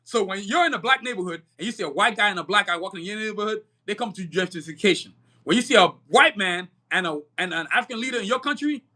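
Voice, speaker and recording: Hosting a live-stream podcast, a man with a high-pitched, pushed and bright voice rants fiercely and profanely. He talks in streetwise slang and keeps checking in with his listeners.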